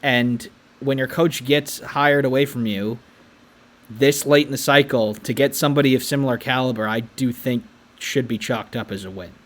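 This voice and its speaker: A man co-hosting a sports podcast, breaking down coaching records in a measured, stat-heavy way with occasional restarts. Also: medium pitch. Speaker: podcast co-host. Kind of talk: casual sports analysis chat.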